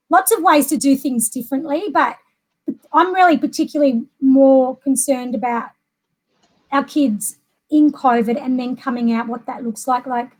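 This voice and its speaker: A middle-aged Australian woman with a high-pitched voice chats casually. She rambles a little and leans on lots of fillers as she talks. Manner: chatty, rambling with many fillers. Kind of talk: casual chat.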